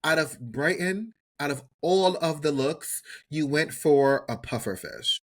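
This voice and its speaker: A man co-hosting a podcast in casual chat, talking in an animated, incredulous way and drawing out his words for emphasis. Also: a little high, measured pace. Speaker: podcast co-host.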